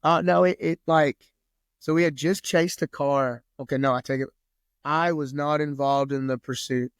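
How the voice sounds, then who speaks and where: Guy, 30s, relaxed profane storyteller, slightly high voice, dry close mic. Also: moderate pace, clear, resonant tone, no room sound. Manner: loose, profane, lots of "like". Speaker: podcast guest. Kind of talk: casual storytelling.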